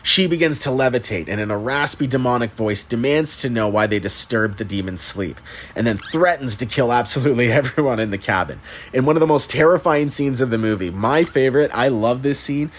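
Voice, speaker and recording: A man's voice: mid-range voice, fairly quick. Male podcast host, mid-range voice, loose and profane plot recap. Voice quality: chatty, profane, laughs at the plot. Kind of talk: casual movie recap.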